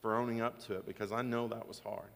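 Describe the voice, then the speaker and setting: A man doing a soft-spoken store manager. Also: on the low side, steady tone, fast, creaky, long reverb tail. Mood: gentle. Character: kind stern male store manager.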